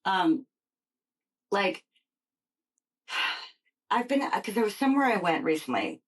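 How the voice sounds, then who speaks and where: A woman's voice: mid-range voice, very animated, takes it slowly, husky. A woman co-hosting a podcast in casual chat from home, talking emphatically and punctuating her points with "okay?". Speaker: podcast co-host. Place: at home on the phone.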